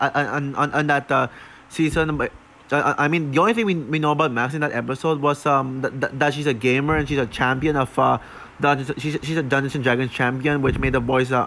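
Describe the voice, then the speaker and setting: A man talking through a show review off the cuff, halting with many fillers and restarts, short of breath. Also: on the high side, a bit bright, a little hiss or hum. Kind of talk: unscripted review talk.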